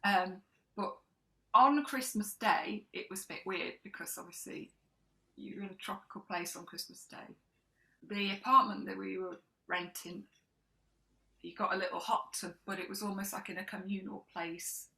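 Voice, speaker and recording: Woman, bright ringing voice, chatty co-host, laughs a lot. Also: mid-range voice, steady tone, moderate pace, gravelly, poor audio. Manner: laughs often, trails off and restarts. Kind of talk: casual chat.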